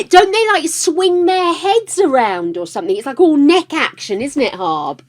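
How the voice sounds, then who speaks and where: Lady streamer chatting away to chat, slightly high voice, lots of laughs. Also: big pitch swings, moderate pace, hardly any pauses. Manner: chatty, laughs often, greets chatters warmly by name. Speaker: livestream host. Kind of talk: casual chat with viewers.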